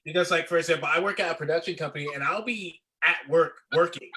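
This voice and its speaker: A man chatting casually on a podcast, relaxed and conversational, quoting others. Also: fairly high pitch, quick pace, a little hiss or hum. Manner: relaxed, conversational, quotes people.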